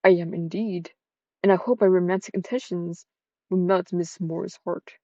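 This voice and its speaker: A courteous young gentleman suitor with flowery, romantic words, voiced by a woman. The tone is low and mellow, heard on a dull, dry recording. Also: fairly even intonation, moderate pace, dry recording. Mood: courtly.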